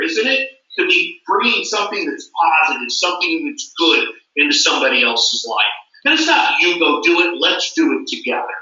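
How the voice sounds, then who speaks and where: A man's voice: sits high, sharp tone. A man giving a motivational stage speech at a company event, emphatic and repetitive. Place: large event hall. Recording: echoey hall from far off, dull.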